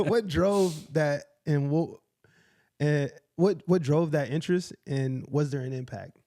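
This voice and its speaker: A man's voice: a little high, a little slow, dark tone. A man hosting a casual podcast interview, laid-back and slangy, laughing often as he asks questions.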